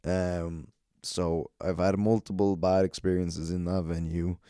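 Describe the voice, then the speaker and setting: A young man with a low, smooth voice tells rambling, profane gig stories and keeps laughing at his own tales. His tone is warm and mellow, and the sound is close and dry. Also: flat delivery, unhurried, no room sound. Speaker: comedian and podcast host. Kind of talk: casual storytelling monologue.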